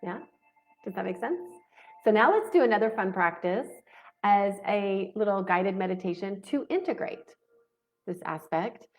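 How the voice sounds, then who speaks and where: A woman's voice: mid-range voice, expressive, moderate pace, soft background music. A woman in her forties teaching in a frank, casual way, slipping into quoted inner voices. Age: 40s. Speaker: spiritual coach.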